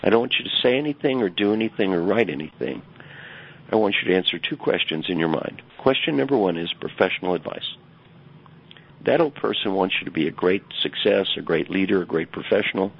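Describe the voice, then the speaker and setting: Older male coach guest, low gravelly voice, emphatic storyteller, muffled lo-fi recording. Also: expressive, brisk. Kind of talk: storytelling interview answer. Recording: dull lo-fi remote audio.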